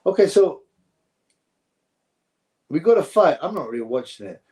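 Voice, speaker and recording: A man's voice: on the high side, sing-song, normal speed, a little mellow. A man hosting a boxing livestream, rambling through viewer comments and giving blunt opinions in casual chat. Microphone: streaming setup mic.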